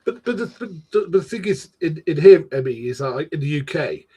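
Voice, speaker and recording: A man's voice: on the high side, lively intonation, fairly quick, dark tone, slightly rough. A man hosting a casual political discussion, rambling with frequent restarts and mild slang.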